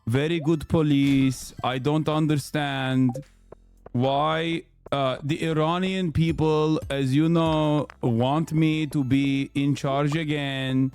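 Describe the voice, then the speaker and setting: A self-important exiled would-be king drawls in a put-on Persian accent, as a man mocks him on stream. Every line is slow and grand, as if he were granting favors. Faint music sits under the voice. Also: a little high, steady tone, darkish tone. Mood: pompous. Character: pompous exiled would-be king, male, middle-aged. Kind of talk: mocking impression on a live stream.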